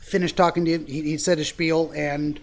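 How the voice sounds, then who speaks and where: A man hosting a podcast, his voice sitting a touch higher than most men's. He asks probing follow-up questions and often restarts or stumbles over his words. A faint ambient hum sits under his voice. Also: little pitch movement, fairly quick. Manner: probing, with frequent restarts and stammers. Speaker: podcast host interviewing a dreamer. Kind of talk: casual interview.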